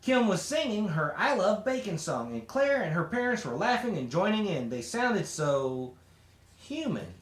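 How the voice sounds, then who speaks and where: A man reading a children's picture book aloud in an expressive, animated way. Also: high voice, a little slow. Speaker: storybook reader. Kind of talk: children's story read-aloud. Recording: roomy echo.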